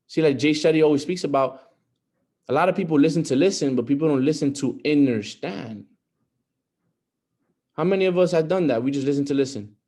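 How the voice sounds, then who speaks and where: A young man gives an earnest motivational talk on a group call, his voice a little high and dark in tone. He talks a bit fast, pauses often, and repeats his points as he grows more emphatic.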